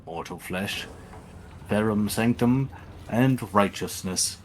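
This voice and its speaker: A man's voice: fairly low pitch, takes it slowly, a little hiss or hum. A man doing a grandiose old tech-priest. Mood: lecturing. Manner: grandiose, lecturing. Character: excitable old male tech-priest scientist. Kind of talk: reading game dialogue aloud.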